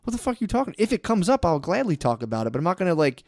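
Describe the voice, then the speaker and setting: A young man talking casually on a podcast, rambling and profane, telling animated stories. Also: high voice, very fast, no echo, studio quality. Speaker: podcast co-host.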